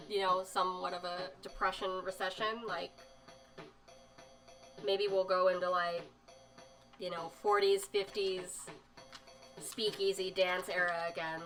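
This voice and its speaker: A woman's voice: medium pitch, rough recording. A woman chatting casually on a live stream, reading magazine bits aloud with lots of fillers and emotional asides. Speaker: streamer showing zines. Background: soft music.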